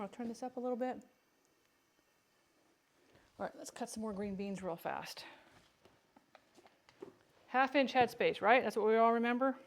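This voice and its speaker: While putting up beans on a relaxed cooking livestream, this home canning vlogger talks with her viewers by name, cracking jokes and poking fun at herself. Her voice is fairly high at normal speed, broken by long pauses.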